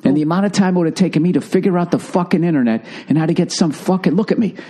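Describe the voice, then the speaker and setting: Profane, high-voiced ranting man. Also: racing, dark tone, husky. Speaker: podcast host. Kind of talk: casual comedic chat.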